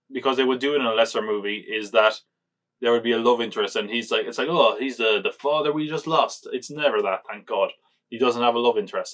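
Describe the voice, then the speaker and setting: A man's voice: mid-range voice, a bit bright. A man hosting a podcast, reviewing films in casual chat, rambling and acting out quotes as he retells scenes. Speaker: podcast host.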